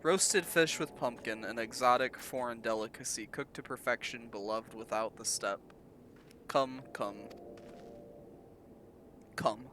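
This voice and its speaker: A man's voice: medium pitch, a little slow, pauses often, bright, forceful tone, a little hiss or hum. A man voicing an eager market cook who coaxes buyers toward his roasted fish. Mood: coaxing. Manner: hawking, coaxing.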